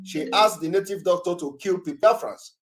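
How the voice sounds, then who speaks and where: A man's voice: sits high, brisk, soft background music. A man hosting a live call-in broadcast, emphatic and repetitive, with many fillers. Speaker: broadcast host taking callers.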